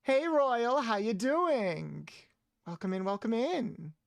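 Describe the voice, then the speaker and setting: A man's voice: extremely high pitch, lively intonation, slow, vocal fry, dry recording. A man streaming a video game, chatting playfully with his viewers in a loose, rambling way. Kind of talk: casual gameplay commentary. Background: faint game music.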